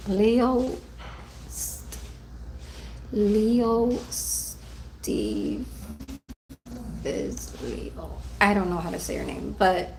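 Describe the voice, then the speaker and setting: Middle-aged lady on a phone livestream, slow easy talk, chatting with viewers, faint room hum. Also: mid-range voice, big pitch swings, gravelly, a little mellow. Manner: chatty, reads out viewer comments, many fillers. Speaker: livestream host. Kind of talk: casual live chat while eating lunch.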